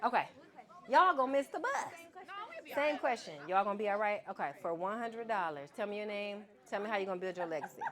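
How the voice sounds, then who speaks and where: A woman's voice: medium pitch, fast talker. A woman giving a keynote to students, talking casually and playfully, calling on people in the audience. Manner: lively, playful, calls on the crowd. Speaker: keynote speaker. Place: event hall with an audience.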